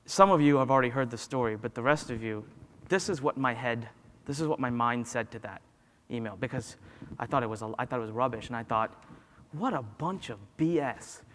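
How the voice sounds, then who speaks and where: A man's voice: mid-range voice, fast. A man giving a motivational talk, telling personal stories and acting out the dialogue in them. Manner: animated storyteller who acts out dialogue. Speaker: motivational business speaker. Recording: long hall reverb.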